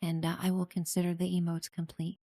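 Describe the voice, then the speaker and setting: A woman streamer with a fairly low, gravelly voice chats casually during live gameplay, talking a little fast in a completely flat delivery. She warmly thanks new followers and talks about her community, friendly and full of fillers. The studio-quality recording has no echo.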